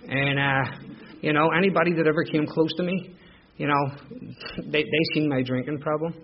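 A middle-aged man with a Belfast accent tells his own story as candid, emotional testimony, circling back on phrases. His voice sits slightly high for a man. The recording is dull and lo-fi, with a faint hiss underneath. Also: fairly even intonation, normal speed. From Northern Ireland. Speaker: speaker sharing his recovery story. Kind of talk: personal testimony.

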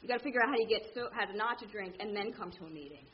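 A woman telling her recovery story to a meeting, candid and animated, acting out the people in it. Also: mid-range voice, rapid-fire, muffled recording, a little hiss or hum. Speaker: speaker sharing at a recovery meeting. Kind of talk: personal story told to a meeting.

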